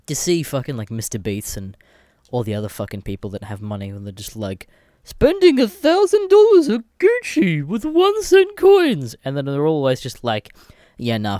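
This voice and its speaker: On this studio-quality recording with no room sound, a young Australian podcaster with a lowish, somewhat dark voice talks on his own. The chat is casual and wandering, laced with swearing and frequent laughter.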